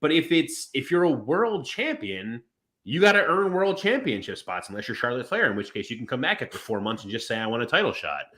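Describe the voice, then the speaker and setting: A man co-hosting a casual wrestling chat, his pitch swinging high and low. He rambles through his points and breaks into quick impressions of the people he quotes. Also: big pitch swings, a bit bright. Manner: rambling, acts out quotes with big pitch jumps. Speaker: podcast co-host.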